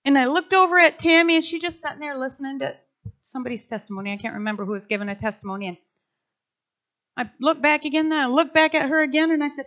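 A woman's voice: high voice, fast, lo-fi sound. A woman preaching a sermon, telling stories animatedly and acting out quotes. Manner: animated storytelling with acted quotes.

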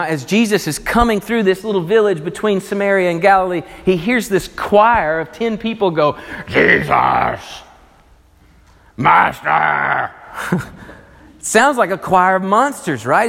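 A man preaching a sermon, animated and acting out the voices of people in his story. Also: high voice. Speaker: pastor. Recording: long reverb of a large hall.

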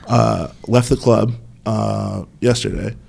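A man, a guest on a casual podcast, telling a relaxed story. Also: fairly low pitch, slow pace, gravelly. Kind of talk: casual chat.

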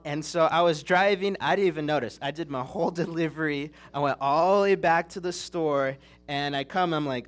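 A young man delivers a sermon in an earnest, chatty storytelling manner, and his voice sits a little higher than most men's. He is from Southern California. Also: normal speed, few pauses. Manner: earnest, conversational storytelling with restarts. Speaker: preacher.

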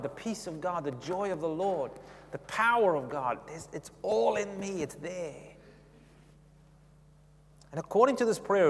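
Animated preacher, slightly high man's voice. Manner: animated, conversational, asks the congregation questions. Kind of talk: sermon. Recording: long echoey reverb of a hall.

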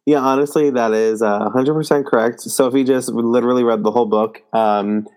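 A man's voice: medium pitch, fairly even intonation, darkish tone. Joking young man chatting about books. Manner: joking, halting, many restarts. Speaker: book podcast co-host. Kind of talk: casual book review chat.

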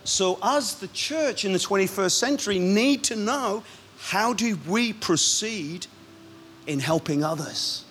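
A man, a pastor, preaching a sermon in a lively, punchy way with quick asides. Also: sits high, breathy edge.

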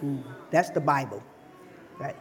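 A woman preacher giving a lively, playful sermon in a church, teasing her listeners as she makes her points. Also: a bass voice, measured pace, a little hiss or hum. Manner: playful, teasing, animated delivery.

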